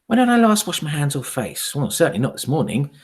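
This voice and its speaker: A man, a primary school teacher, reading a children's novel aloud with expressive, dramatic storytelling. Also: a little high, fast talker.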